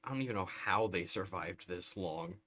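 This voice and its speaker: A man's voice: low voice, moderate pace, sharp tone. A man livestreaming a strategy game, giving casual, bemused running commentary and laughing often.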